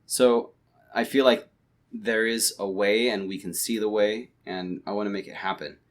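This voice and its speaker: A man with a fairly low voice talks through his plans in a relaxed podcast chat at home late at night. He rambles and restarts sentences often, with plenty of fillers. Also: normal speed. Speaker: podcast co-host. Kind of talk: casual chat.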